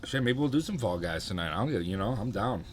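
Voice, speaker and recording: On a casual live stream, a young man talks with his viewers in a low-leaning, expressive voice at a fast clip, with slight background noise. Though a little hungover and sluggish, he stays relaxed and rambling, cursing frequently and saying hello to chatters.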